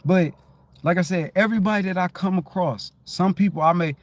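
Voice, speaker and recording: A man's voice: sits high, brisk, dry recording. A middle-aged man hosting a livestream, talking casually and telling a story, often asking "you know what I'm saying" and acting out his greetings in a raised voice. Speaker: livestream host. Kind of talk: casual spoken monologue.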